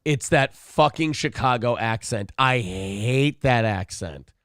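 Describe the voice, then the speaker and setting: A man's voice: medium pitch, lively intonation, slow, a bit bright, clear, resonant tone, dry recording, studio quality. A man hosting a casual talk show, reacting to clips with profane, laughing commentary. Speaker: show host.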